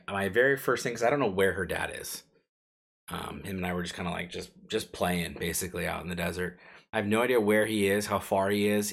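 Telling a casual personal story on a podcast he co-hosts, this man wanders, leans heavily on fillers, and laughs along the way. He has a low voice with a bit of brightness.

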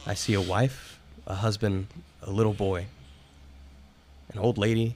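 A man with a low voice reads a ghost story aloud to friends on a podcast. His delivery is dramatic, with some stumbles over words. The tone is plain and unhurried. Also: fairly even intonation, darkish tone, slight background noise. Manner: dramatic reading with occasional stumbles. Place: room with friends, candle lit.

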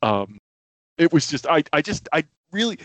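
A man hosting a podcast, talking in a casual, excited way with lots of restarts and fillers. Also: on the high side, normal speed, dry recording. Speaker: podcast host. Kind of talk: casual chat.

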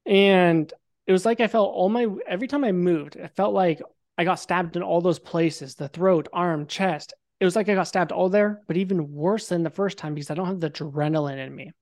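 A man's voice: high-pitched, a little fast. A young man, a podcast guest, telling his story casually and vividly, swearing freely and acting out what people said. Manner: animated, swears freely, acts out quotes.

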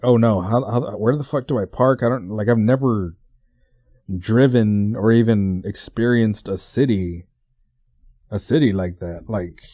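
Podcast host, twenties, from Texas; dark, relaxed tone, dry booth sound, casual profane rambling with restarts. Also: male voice, lowish voice, no echo. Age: 20s.

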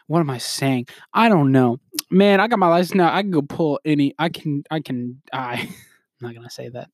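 A man's voice: a little high, moderate pace, no room sound, studio quality. Young man, rambling podcast chat. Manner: rambling, laughing, quoting others in put-on voices. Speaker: podcast host. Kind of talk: casual solo podcast chat.

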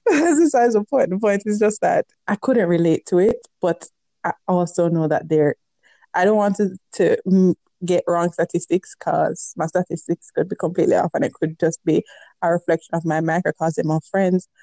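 A woman co-hosting a casual podcast, talking in an animated, rambling way and laughing often. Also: fairly low pitch, moderate pace, no echo. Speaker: podcast co-host.

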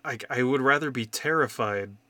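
A man's voice: mid-range voice, normal speed. Candid, swearing man in casual chat. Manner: candid, swears freely, animated storytelling. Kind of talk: casual conversation.

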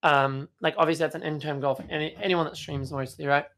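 A man's voice: on the high side, fairly even intonation, quick pace, creaky, fairly bright tone. A young man, a streamer, talking in a casual chat, rambling and hesitant with lots of fillers. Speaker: streamer guest.

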